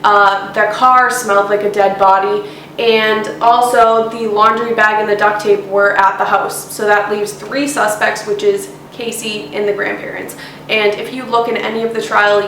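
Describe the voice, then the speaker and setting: A woman's voice: medium pitch, a bit bright. A woman giving blunt, indignant true crime commentary in a vlog, swearing freely. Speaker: YouTuber. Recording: roomy, distant mic, faint hiss.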